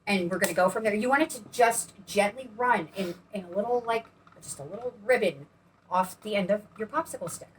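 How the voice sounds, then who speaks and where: Demonstrating paint pouring, this woman co-hosts a painting channel and chatters in a bubbly, meandering way. She speaks briskly in a medium-pitched voice with lively intonation, picked up by a far-off mic amid faint background noise.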